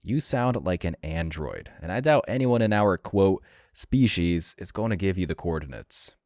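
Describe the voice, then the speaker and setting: A man's voice: low-pitched, animated, moderate pace, darkish tone, no echo, clean studio sound. A man narrating reaction clips in a scripted, sneering and mocking tone. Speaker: commentary channel narrator.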